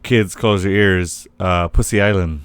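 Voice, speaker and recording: This man talks in a lower register and his voice comes through smooth and clean. He co-hosts a podcast in loose, profane casual chat, full of quick asides. The sound is close and dry. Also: steady tone, dry recording. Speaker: podcast co-host.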